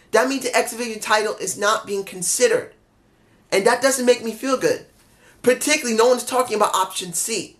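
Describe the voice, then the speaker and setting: A man's voice: high voice, fairly bright tone. A man giving a casual, off-the-cuff wrestling review, rambling and breaking into exasperated asides.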